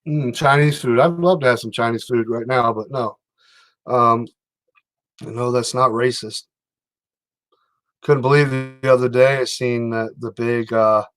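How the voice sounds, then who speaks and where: A man's voice: medium pitch, fairly bright tone. A man hosting a casual livestream, rambling and reading out viewer comments as he talks. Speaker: livestream host.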